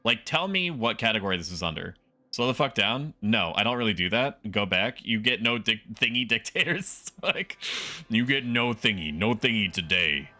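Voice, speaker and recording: A man's voice: lowish voice, very animated, moderate pace, pushed and bright. A man streaming a strategy game, joking with chat while he plays. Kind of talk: casual gaming livestream commentary.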